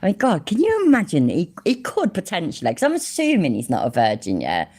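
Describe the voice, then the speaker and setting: A woman's voice: on the low side, wildly swooping pitch, brisk, dark tone, breathy edge. A British woman hosting a casual reaction livestream, mocking the clip, laughing often and thanking chatters by name. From United Kingdom. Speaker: livestream commentator reading chat.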